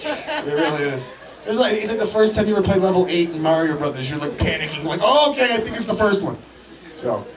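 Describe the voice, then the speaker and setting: A man's voice: sits high, sing-song, a little fast, a crowd in the background. A man doing a crude, rambling stand-up routine with lots of fillers, recorded in an echoey club from a distance. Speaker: stand-up comedian. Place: comedy club stage.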